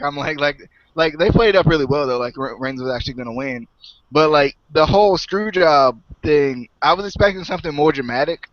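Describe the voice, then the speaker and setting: A young man co-hosting a casual wrestling review chat, talkative and quick to laugh. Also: fairly high pitch, a bit bright, no echo. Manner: chatty, laughs often, trails off. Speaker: co-host. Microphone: online call mic. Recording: muffled lo-fi call audio.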